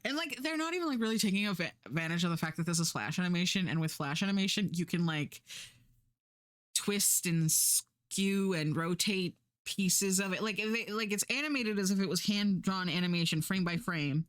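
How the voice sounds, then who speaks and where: A woman's voice: fairly low pitch, lively intonation, a little fast. Rambling, profane woman streamer. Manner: acts out quoted characters. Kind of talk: casual stream chat.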